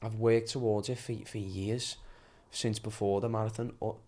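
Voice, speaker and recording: A man's voice: fairly low pitch, little pitch movement, moderate pace, dark tone. A young man with a Liverpool accent talking earnestly and chattily as a podcast guest, laughing often. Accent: Liverpool (Scouse). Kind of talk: casual conversation.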